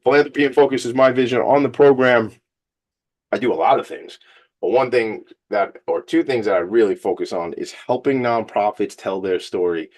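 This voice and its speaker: A man's voice: mid-range voice, normal speed. A man hosting a radio show, fired up, joking and motivational. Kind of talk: energetic radio monologue.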